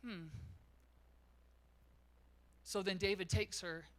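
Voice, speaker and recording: A man pastor preaching a sermon in a church, telling a story in an animated way. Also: high-pitched, slow pace. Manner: animated storytelling, acts out quotes.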